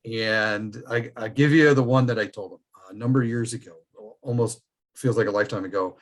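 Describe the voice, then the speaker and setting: Fairly quick and on the low side, this middle-aged man from New York state, a firearms trainer, spins stories in relaxed conversation. He tells them with animation and laughs a lot.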